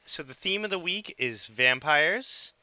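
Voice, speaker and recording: A man's voice: on the high side, unhurried, dry recording. A man co-hosting a podcast, chatting casually and filling his talk with "like". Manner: relaxed, chatty, leans on fillers like "like". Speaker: podcast co-host. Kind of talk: casual chat.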